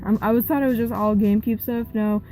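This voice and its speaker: Young female gaming vlogger, animated rambling storyteller, soft mellow voice. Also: a little high, quick pace, faint music behind, poor audio. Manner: rambling, animated retelling with quoted dialogue. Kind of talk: casual storytelling vlog.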